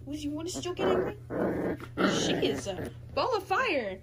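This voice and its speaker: A woman with a drawl teases a snarling puppy in a playful baby-talk voice, laughing as she goes. Her voice sits high and swoops around a lot. The home video carries a clear noise floor. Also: very animated, normal speed. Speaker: dog breeder vlogger. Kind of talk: casual talk to a puppy and viewers.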